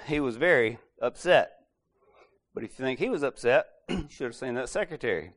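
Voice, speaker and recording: A folksy man spins a workplace anecdote in a relaxed, conversational way. His voice sits in an ordinary middle range, and he keeps clearing his throat between phrases. He slips into the characters' words as he goes. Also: medium pitch, moderate pace. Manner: folksy, clears throat often, acts out quoted lines. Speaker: speaker retelling an anecdote. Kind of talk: casual storytelling talk.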